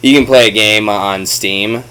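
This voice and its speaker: A man's voice: on the low side, a little slow, sharp tone, clear, resonant tone. A man hosting a casual chat about video games, laid-back and rambling, swearing often. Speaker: podcast host. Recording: faint background noise.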